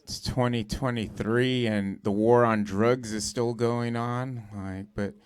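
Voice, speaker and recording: A man's voice: mid-range voice, steady tone, slow pace, clean tone. A young man doing a stand-up set, telling stories in a loose, profane, conversational way full of "like" and "dude". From Southern California. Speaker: stand-up comedian. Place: comedy club stage.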